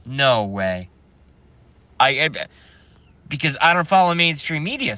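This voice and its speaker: A man's voice: on the high side, big pitch swings, a little slow, pauses often, pushed and bright. A man on a live stream, talking to his viewers and reading their chat, emphatic and repetitive, often laughing in disbelief.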